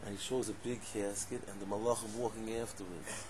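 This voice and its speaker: A man giving a lively Torah class, asking rhetorical questions and breaking into loud exclamations. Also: lowish voice, fairly quick, background noise. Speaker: Torah teacher.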